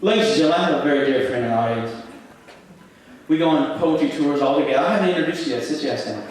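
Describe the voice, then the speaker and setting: A man doing comic stage banter as a performance poet at a school show, teasing the audience, with sudden loud yelps between quiet asides. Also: fairly high pitch, quick pace. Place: school hall, live audience. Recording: echoey hall from far off, crowd.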